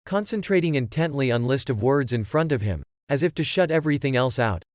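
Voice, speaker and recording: A man's voice: medium pitch, expressive, fairly quick, no room sound, clean studio sound. A man reading a script aloud, stating the stage directions plainly. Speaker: reader.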